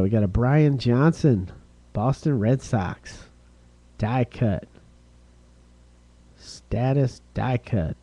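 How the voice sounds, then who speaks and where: A man hosting a live-streamed card break, calling out each card and who gets it, getting excited over rare hits. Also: medium pitch. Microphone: streaming setup.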